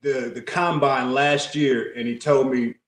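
A man in his forties, a guest in a casual interview, who speaks calmly and repeats key phrases to stress them. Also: mid-range voice, measured pace. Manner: calm, loyal, repeats phrases for emphasis. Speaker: guest, former NBA player. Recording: roomy echo.

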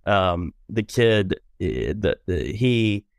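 A man, a minister and podcast guest, tells a long story in conversation, with rambling restarts and fillers that turn animated in the lively parts. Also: lowish voice, drawn-out words, smooth, no echo, clean studio sound. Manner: rambling, many restarts and fillers, animated when telling stories.

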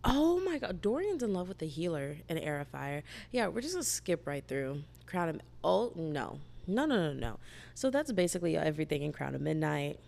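A woman's voice: deep voice, very animated, normal speed, creaky, a little mellow. A young woman chatting casually and animatedly as a book vlogger, gushing and rambling with lots of "like". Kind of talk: casual book review chat.

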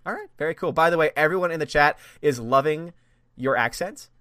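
A man's voice: a little high, a little fast, a bit bright, no room sound, studio quality. A man hosting a livestream chat, enthusiastic and laughing often, repeating words as he talks. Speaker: host of a livestream. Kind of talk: casual chat.

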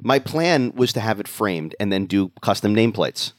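Lively low-voiced man on a podcast. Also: moderate pace, no room sound, studio quality. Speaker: podcast co-host. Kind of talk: casual chat.

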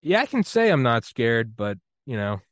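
A man's voice: mid-range voice, big pitch swings, moderate pace, dry recording, clean studio sound. A man from the United States hosting a podcast, talking in a loose, rambling, self-deprecating way and laughing often. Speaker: podcast host. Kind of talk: casual conversational interview.

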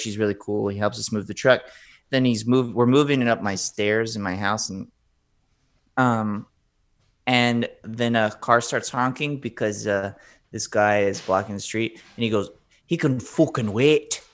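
A man's voice: lowish voice, fairly even intonation, normal speed, a bit bright. A man co-hosting a podcast, telling a rambling, profane story in casual chat. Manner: rambling storyteller, swears freely. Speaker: podcast co-host.

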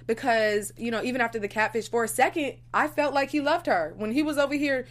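Woman co-host, animated and emphatic, casual recap chat, "like" in every sentence. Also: a little high, brisk.

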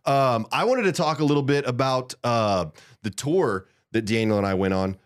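A man's voice: medium pitch, normal speed, smooth. A young man hosting a casual livestream podcast, teasing his co-hosts, laughing often and greeting the chat. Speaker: podcast host.

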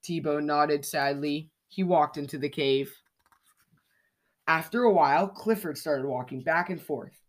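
Slow, expressive children's story reader. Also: medium pitch. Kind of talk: storybook read-aloud for kids.

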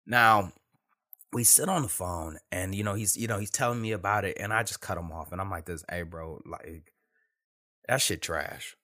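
A podcast host with a fairly low, sharp-toned voice speaks briskly in a blunt, candid monologue. It's casual and emphatic, packed with street slang, and he repeats himself a lot.

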